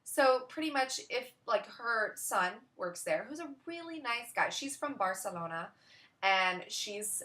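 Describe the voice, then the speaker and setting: A woman's voice: on the high side, animated, unhurried, sharp tone. A young woman telling a casual story in a rambling way, full of "like" and "you know".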